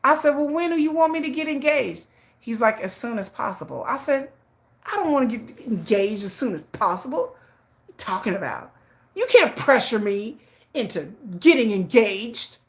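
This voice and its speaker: A middle-aged woman hosting a livestream, telling a story in blunt, laughing, animated casual chat. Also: a little high, moderate pace. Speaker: livestream host.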